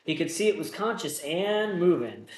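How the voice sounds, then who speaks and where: A man hosting a solo board game playthrough, reading the story text aloud and then thinking out loud about his moves in a casual, self-deprecating way. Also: fairly high pitch, animated, normal speed, echoey room, rough recording.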